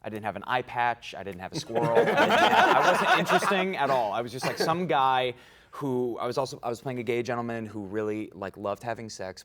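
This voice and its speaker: A man in his twenties, an actor being interviewed, talking in a casual, animated way and laughing through his stories. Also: lowish voice. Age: 20s. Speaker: guest actor.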